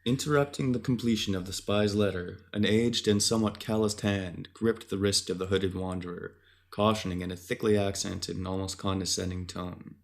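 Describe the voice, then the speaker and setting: A man with a very deep voice narrates a fantasy story. His delivery is measured and descriptive, like scripted storytelling. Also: steady tone, gravelly.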